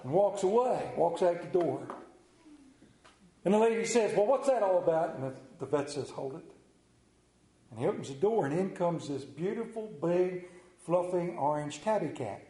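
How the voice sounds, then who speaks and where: A man's voice: a little high, expressive, moderate pace, dark tone. A man pastoring a church, telling a joke story in a folksy manner and then reading a psalm aloud. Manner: folksy storyteller, drawling humor. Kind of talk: sermon with jokes and scripture reading. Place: church sanctuary. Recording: echoey church room.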